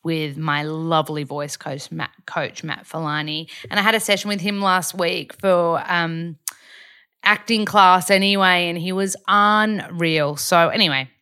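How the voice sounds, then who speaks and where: A woman's voice: on the low side, fairly even intonation, unhurried, bright, forceful tone, smooth. A young Australian woman hosting her own podcast, chatting in an effusive, casual way with plenty of fillers. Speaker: podcast host. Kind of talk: casual solo podcast chat.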